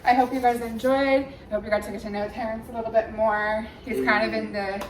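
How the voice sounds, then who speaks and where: A young woman hosts her vlog in a friendly, upbeat, casual way. Her voice sits at an ordinary middle pitch, a little distant in an echoey room. A faint hiss sits under it. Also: little pitch movement, fairly quick. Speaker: vlogger, channel host.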